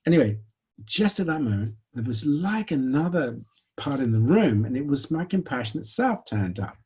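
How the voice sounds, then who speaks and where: Husky man, mid pitch, conversational lecturer telling a story. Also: moderate pace. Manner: conversational, animated storytelling with restarts.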